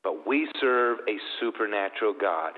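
A man's voice: fairly low pitch, animated, moderate pace. Earnest middle-aged man on a tinny line. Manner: earnest, tender storytelling. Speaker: guest. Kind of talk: emotional testimony. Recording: tinny, phone-like sound with long reverb.

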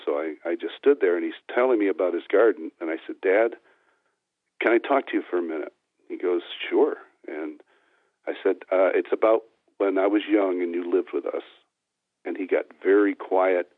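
A man's voice: deep voice, dry recording. A man giving an earnest personal testimony as an interview guest, telling it step by step with frequent restarts. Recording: tinny phone-like dry sound.

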